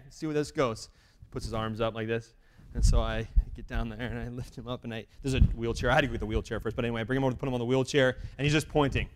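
A man telling a faith testimony as an animated story with self-deprecating humor, swinging between loud exclamations and quiet asides. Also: mid-range voice, a little hiss or hum. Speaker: speaker sharing a mission testimony. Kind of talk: storytelling talk.

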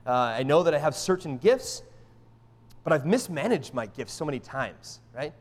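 A middle-aged male pastor preaching with lively emphasis, his voice sitting a little high for a man. The sound carries a long reverb from a large church hall, and he keeps tossing rhetorical questions to the room. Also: normal speed. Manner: animated, emphatic, keeps asking "right?". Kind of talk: sermon.

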